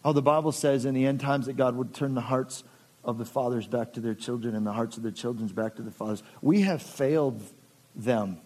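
A man's voice: mid-range voice, fairly quick, darkish tone. A middle-aged man preaching a sermon, passionate and conversational, acting out quoted voices. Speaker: pastor.

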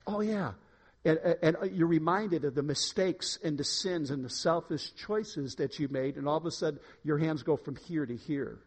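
Male pastor preaching, high voice, emphatic, swings from soft to loud. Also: normal speed, few pauses, slightly rough. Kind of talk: sermon. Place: church room.

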